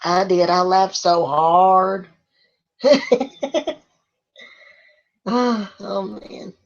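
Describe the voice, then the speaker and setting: A giggly woman vlogger chats slowly and unhurriedly through viewer questions, laughing often. Her voice comes through a dull, lo-fi recording. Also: medium pitch, fairly even intonation. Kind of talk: casual Q&A chat.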